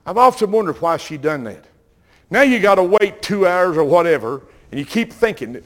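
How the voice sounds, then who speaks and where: An older Southern man preaches in a folksy, animated storytelling style. His voice sits a little high for a man, and he keeps calling out to the congregation as he goes. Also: moderate pace. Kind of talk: sermon storytelling.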